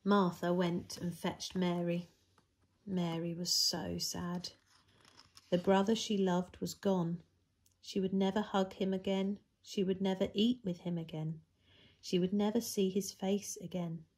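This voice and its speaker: Brief: woman storyteller for kids, low-pitched, slow, expressive delivery. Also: slightly rough. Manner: expressive, big leaps in pitch and loudness for emphasis. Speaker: children's church storyteller. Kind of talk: reading a Bible story to children.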